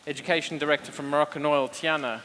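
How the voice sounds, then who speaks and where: A man's voice: on the high side, fairly even intonation, quick pace, a bit bright, a little hiss or hum. A man who is a lead hairstylist speaks on stage about his creative ideas and classic techniques, reflective and earnest, often restarting his sentences. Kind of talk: stage talk on a creative concept. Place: large event hall on stage. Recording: live hall with long reverb.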